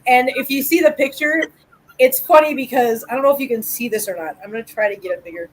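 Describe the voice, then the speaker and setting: A woman's voice: a little high, fast talker, a little hiss or hum, poor audio. A woman hosting a casual live chat about cats, playful and mock-offended. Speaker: livestream host.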